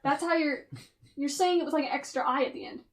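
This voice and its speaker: An American woman streaming, chatting casually in an animated, incredulous way. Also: sits high, quick pace. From United States. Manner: animated, incredulous, laughs a lot. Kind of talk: casual livestream chat.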